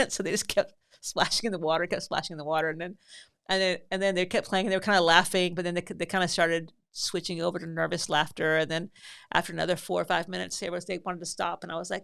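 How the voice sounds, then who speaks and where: Podcast host, woman, middle-aged; low gravelly voice, chatty rambling storyteller. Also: fairly even intonation, fast, a bit bright. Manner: chatty, rambling, with frequent fillers and laughs. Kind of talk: casual storytelling.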